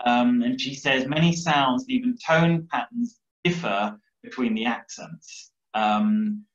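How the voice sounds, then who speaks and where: A man's voice: medium pitch, measured pace. A man hosting an online interview, reading out audience questions with hesitant phrasing and many fillers. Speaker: interview host. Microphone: video call. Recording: dull, roomy video call audio.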